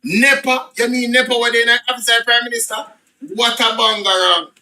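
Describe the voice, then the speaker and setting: A Jamaican man with a high, very sharp and bright voice reads an official report aloud. He drops into patois asides between the formal passages. He often stops to repeat phrases for emphasis. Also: level tone, fairly quick, rough recording. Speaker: political commentator. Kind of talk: reading a report aloud with reactions.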